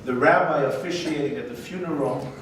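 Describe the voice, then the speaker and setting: A man, a rabbi, giving a humorous, animated speech at a gala dinner in a large banquet hall. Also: a little high, a little fast. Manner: joke-telling, animated. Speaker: guest speaker, rabbi. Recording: echoey banquet hall from far off, noisy.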